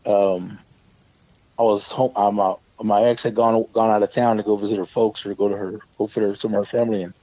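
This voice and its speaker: A man's voice: lowish voice, little pitch movement, brisk, dark tone, no echo. A man casually telling a personal ghost story, rambling with many restarts and fillers and swearing now and then. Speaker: guest storyteller. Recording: dull muffled dry sound.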